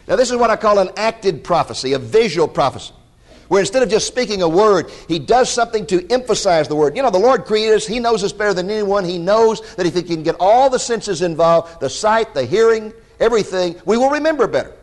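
High-voiced animated male preacher. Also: fairly quick. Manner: animated storytelling with dramatized quotes; directs listeners to scripture passages. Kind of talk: sermon.

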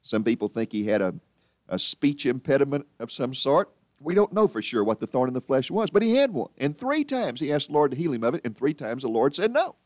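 A man preaching a sermon with emphatic delivery, slowing down to read scripture. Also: a little mellow, dry recording. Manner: emphatic, swinging pitch for stress, slows on scripture.

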